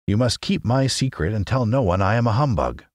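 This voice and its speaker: A man's voice: on the low side, expressive, a little fast, no echo, studio quality, pitched above the performer's own voice, close to an everyday voice. A man voicing a meek little man who plays at being a wizard, in a mild, explaining tone. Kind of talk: audiobook character reading.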